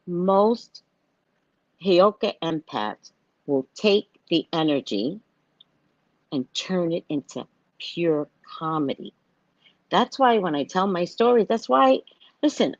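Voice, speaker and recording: A woman's voice: on the low side, dry recording, highs cut off. An older woman talking casually to her viewers as host of a live show, telling stories and acting out the voices of people she quotes.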